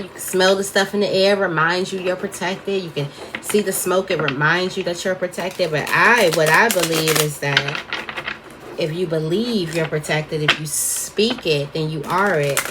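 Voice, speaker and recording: A woman with a fairly low voice gives a casual tarot reading. She is chatty, drifts off topic and talks straight to her viewers. A faint hiss sits under her voice. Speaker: tarot reader.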